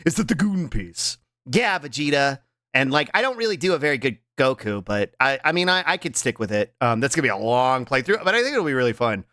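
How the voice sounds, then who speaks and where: A man chats on a live stream with his viewers in a bright, forceful voice whose pitch swings all over. He talks loosely, bursts into loud laughter and drops briefly into character voices. The sound is dry and close to the mic. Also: dry recording. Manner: animated, laughs loudly, slips into quick character voices. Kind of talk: casual live-stream chat.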